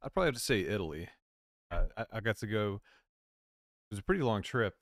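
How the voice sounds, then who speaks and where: A man co-hosting a casual chat, rambling and halting with many fillers. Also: fairly low pitch, sing-song, dry recording, studio quality. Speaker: co-host.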